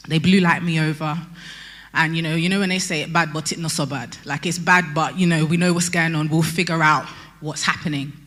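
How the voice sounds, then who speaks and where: Woman, late 20s, candid testimony with humour, bright tone, hall reverb. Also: low voice. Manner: candid storytelling with light humour. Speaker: youth convention speaker. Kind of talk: personal testimony.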